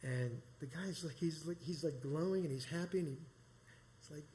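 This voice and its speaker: A man's voice: on the high side, normal speed, darkish tone, slight background noise. A middle-aged man from New York telling a personal story live, rambling and conversational with many restarts. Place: small performance space.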